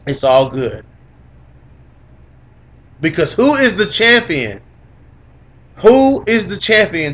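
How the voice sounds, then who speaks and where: Young male podcast co-host, higher-pitched, boastful and teasing, loops his lines for emphasis. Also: a bit bright. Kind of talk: gloating casual MMA commentary.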